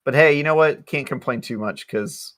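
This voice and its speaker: A man's voice: medium pitch, normal speed, a bit bright, no room sound, clean studio sound. A man co-hosting a casual gaming podcast, speaking in a wry, emphatic way. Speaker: podcast co-host.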